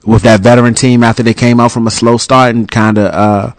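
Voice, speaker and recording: Calm man in a dry booth. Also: mid-range voice, brisk, no room sound. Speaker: sports talk co-host. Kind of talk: casual sports debate.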